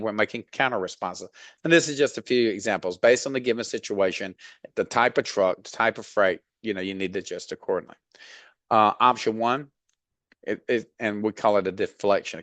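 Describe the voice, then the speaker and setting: Low-voiced Southern man teaching bluntly. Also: fairly quick, fairly bright tone, no room sound. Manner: blunt, folksy, mild cursing, frequent fillers. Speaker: dispatch trainer. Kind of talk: casual instructional talk.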